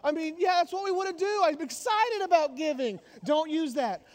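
A long hall reverb trails every phrase as a male pastor preaches in a church sanctuary, animated and joking. His voice is very high for a man, his speed normal, and he drives his points home with emphasis.

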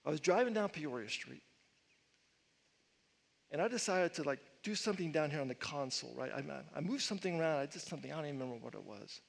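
A middle-aged male pastor preaching a sermon, telling stories with animated swings and sudden loud outbursts. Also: on the high side, fast talker, gravelly. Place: church sanctuary with long reverb. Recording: reverberant church hall.

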